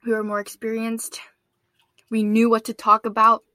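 A woman's voice: on the high side, monotone, normal speed, bright, forceful tone. Giggly young woman with short replies. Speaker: podcast co-host. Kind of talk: casual chat.

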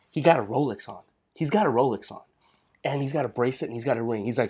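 A man's voice: medium pitch, quick pace, a little mellow, slightly rough. A young man co-hosting a casual podcast, telling stories loosely and swearing freely. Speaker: podcast co-host.

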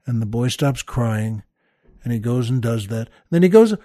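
A man's voice: mid-range voice, lively intonation, moderate pace, mellow, no echo, studio quality. An older man hosting a casual comedy podcast, rambling through plugs and a joke with a chuckle, stopping and restarting, doing small voices for the characters. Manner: rambling, chuckling storyteller who tells jokes with little voices. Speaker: podcast host.

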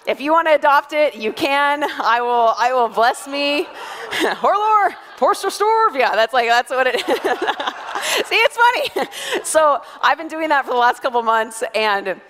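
A woman's voice: high-pitched, sing-song, measured pace, fairly bright tone, in a large hall. A woman pastor in her thirties preaching a sermon to her church, telling stories in a playful way with frequent laughter.

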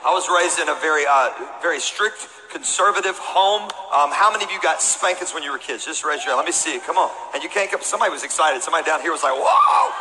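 A man's voice: fairly high pitch, fast, few pauses, big-room sound, noisy background. A man in his forties with a Texan accent, a pastor telling playful, joking stories to his congregation from the stage of a large church auditorium. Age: 40s. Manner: storytelling, playful and joking with the crowd. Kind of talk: sermon.

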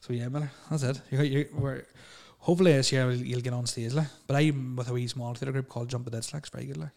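A man's voice: medium pitch, steady tone, vocal fry, a little mellow. A young man with a Northern Irish accent chatting casually, telling stories, swearing freely and sometimes stumbling over words. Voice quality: stutters at times. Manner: storytelling, swears freely, quick laughs, mimics others. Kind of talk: casual chat.

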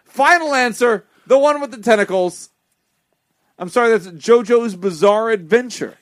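A man's voice: extremely high pitch, normal speed, fairly bright tone, no echo, studio quality. A man hosting a podcast quiz game, joking dryly between clues and laughing often. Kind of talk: casual banter, quizmaster.

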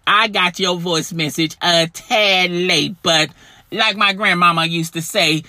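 A man's voice: high voice, steady tone, measured pace, pushed and bright, no room sound, clean studio sound. A man leaving a casual voice message as a fellow podcaster, polite and apologetic with easygoing slang.

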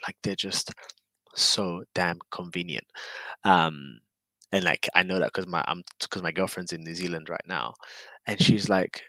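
A man's voice: deep voice, steady tone, a little slow, pushed and bright, dry recording, poor audio. A man with a London accent, chatting casually as an interview guest in a laid-back, slangy, rambling way. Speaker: guest, drifter.

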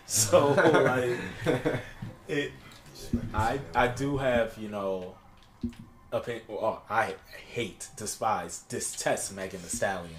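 A man's voice: lowish voice, slow pace, a little hiss or hum. A man hosting a podcast in casual chat, blunt and opinionated with lots of slang. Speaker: podcast host. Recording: roomy echo.

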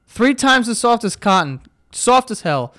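A man's voice: very high voice, sing-song, measured pace, sharp tone. A man hosting a podcast, teasing his guest and swearing often in casual chat. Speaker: podcast host.

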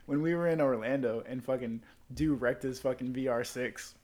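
A man's voice: mid-range voice, moderate pace, darkish tone. A young man telling rambling, profane stories to friends in a casual chat, laughing at his own jokes.

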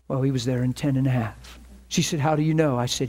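A middle-aged man preaching, telling a story and acting out both sides of phone calls. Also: quick pace. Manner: animated, acts out phone calls with rising pitch. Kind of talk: storytelling sermon.

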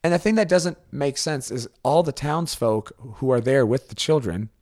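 A man co-hosting a podcast in casual chat, retelling scenes with animated energy and dropping into silly high voices. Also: moderate pace, dry recording, studio quality. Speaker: podcast co-host.

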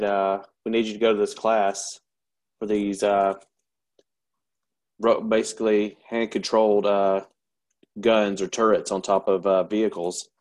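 Speaking a little mellow and on the low side, this man, a veteran, shares something painful from his past during an interview. He is frank yet halting, pausing often and starting over.

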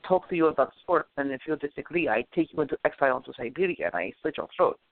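A man's voice: on the high side, expressive, quick pace. A man voicing a threatening Russian man in an exaggerated mock Russian accent. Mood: menacing. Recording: tinny lo-fi phone-like audio.

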